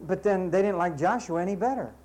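A man's voice: high voice, a little fast, a little mellow, poor audio. A man preaching a sermon in an emphatic, scolding way, with sarcastic asides and mocking impressions of his listeners.

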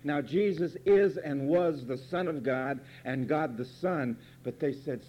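A man's voice: on the high side, big pitch swings, slow, few pauses, dark tone, slight background noise. A man preaching a fiery, sarcastic sermon from the pulpit, emphatic and blunt. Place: church pulpit.

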